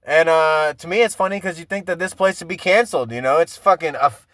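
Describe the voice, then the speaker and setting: High-voiced man rambling profanely. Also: quick pace, a bit bright, no echo. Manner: profane, rambling storytelling with frequent laughs. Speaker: podcast host. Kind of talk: casual solo podcast monologue.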